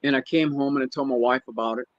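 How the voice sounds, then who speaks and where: A man's voice: medium pitch, fairly even intonation, no echo. Man telling a story, muffled. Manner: emotional, halting retelling with restarts. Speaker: guest. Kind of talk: casual storytelling. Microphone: remote stream call.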